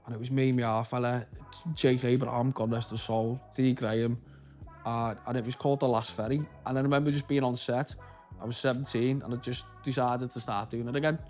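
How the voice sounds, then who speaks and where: A man in his thirties from Liverpool with a Liverpool accent, telling stories from his acting career in a relaxed interview, rambling and restarting often. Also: mid-range voice, a little fast, faint music behind. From Liverpool, England. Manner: rambling, many restarts and "you know", local slang. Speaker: actor, interview guest.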